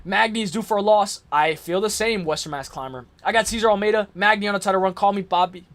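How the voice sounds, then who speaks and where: A man hosting a casual live stream, making fight picks in slangy, excitable chat and reacting to his viewers' comments. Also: high-pitched, fast.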